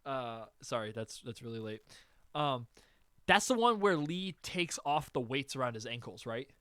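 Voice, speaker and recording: A man hosting a podcast, talking in an excitable, profane, animated way in casual chat. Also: mid-range voice, normal speed, clean tone, dry recording, studio quality. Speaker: podcast host.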